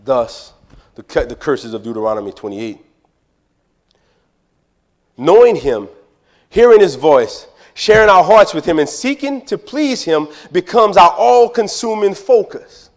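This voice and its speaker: A man's voice: sits high, sing-song, measured pace. A man, preaching a sermon in a conversational, joking way that speaks straight to the congregation. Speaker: pastor.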